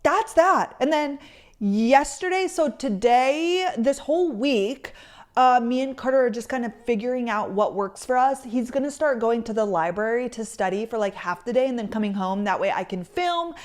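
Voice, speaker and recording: A woman's voice: fairly high pitch, normal speed. A woman, chatting to camera and telling stories, full of "like"s and acted-out quotes. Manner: chatty, storytelling with many "like"s and quoted voices. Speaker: content creator. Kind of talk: casual chat to camera. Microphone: camera mic.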